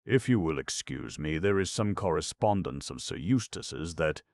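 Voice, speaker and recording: Nervous stammering male secretary, very deep gravelly voice, dry sound, read by a man. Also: expressive, normal speed, a little mellow, no room sound. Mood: flustered. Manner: flustered, hesitant, stammering. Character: nervous evasive middle-aged male secretary.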